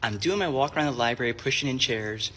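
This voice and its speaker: A man's voice: medium pitch, quick pace, loud music behind the voice. Earnest man telling library stories. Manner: earnest, heartfelt, sometimes drops to a whisper. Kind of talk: storytelling monologue.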